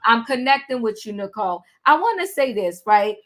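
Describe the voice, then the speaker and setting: A woman's voice: a little high, sing-song, moderate pace, pushed and bright, slight background noise. A woman hosting a live chat show, talking in a direct, conversational way and cutting in firmly. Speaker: host.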